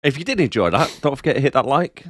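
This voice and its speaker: A man's voice: mid-range voice, big pitch swings, fast talker, fairly bright tone, slight background noise. A man co-hosting a movie podcast, giving short casual replies. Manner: brief reactive replies. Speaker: podcast co-host. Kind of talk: casual chat.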